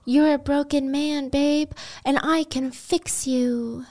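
A lovestruck young woman, as a storyteller puts her on, coos in a soft, breathy, slowed voice. She sits higher than the narrator's usual pitch and drifts toward a whisper. Her tone is doting and eager to rescue. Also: steady tone.

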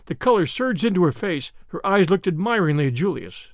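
Expressive, lively male audiobook narrator. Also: sits high, fairly quick, no echo, studio quality. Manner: dramatic, expressive reading.

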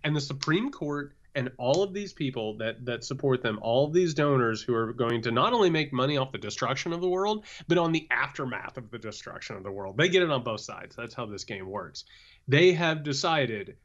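A man's voice: medium pitch, expressive, a little fast, a bit bright, muffled recording. A man co-hosting a podcast in casual political chat, impassioned and sarcastic. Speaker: podcast co-host.

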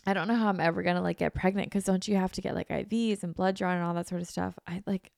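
Young woman host, casual chatty storyteller, low gravelly voice, dry close mic. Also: steady tone, fast talker, a little mellow, no echo. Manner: chatty, self-dramatizing storytelling with many "like"s. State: recovering from illness. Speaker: podcast host. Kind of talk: casual chat.

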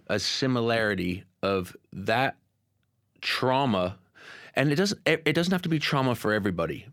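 Male guest, 40s, low voice, emphatic candid storyteller. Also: fairly bright tone. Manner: earnest, emphatic, repeats phrases for effect. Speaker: podcast guest.

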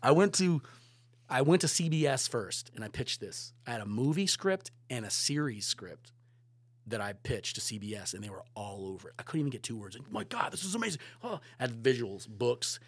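A man, a photographer and director, telling stories in a casual podcast chat, animated and swearing freely. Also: mid-range voice, fairly quick, slightly rough, no room sound.

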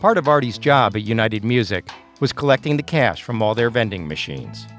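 A man hosting and narrating a true-crime podcast in a measured, scripted storytelling delivery. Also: mid-range voice, big pitch swings, a bit bright, faint music behind.

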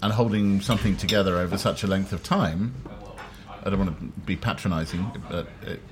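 Over dinner at a restaurant, a Londoner hosts a relaxed chat, sharing dry stories at his own expense in a low, fairly quick voice as dishes and cutlery clatter around him.

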